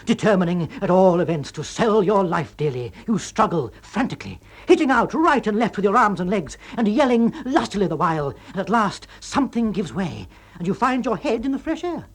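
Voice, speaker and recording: A man's voice: high-pitched, sing-song, a little fast. A man giving a wry, comic reading of a story aloud.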